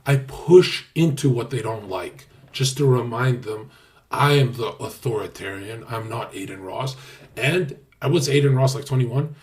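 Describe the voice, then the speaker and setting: Young male streamer, cocky and profane, mid-pitched, lurches from quiet mumbles to shouts. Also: measured pace. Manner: brash, profane, boastful, swings from mutters to loud outbursts. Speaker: livestreamer. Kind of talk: casual stream talk.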